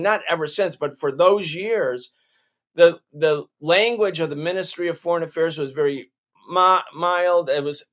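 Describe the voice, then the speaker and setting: A man's voice: on the high side, a bit bright. A male show host giving emphatic political commentary, often restarting his sentences.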